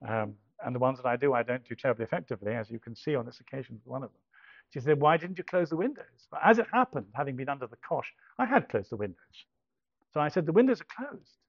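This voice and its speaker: A middle-aged man from England telling a personal story, halting and self-deprecating with many restarts. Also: mid-range voice, lively intonation, vocal fry, no echo. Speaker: speaker telling a conversion story. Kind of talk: anecdotal storytelling talk. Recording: dull lo-fi dry recording.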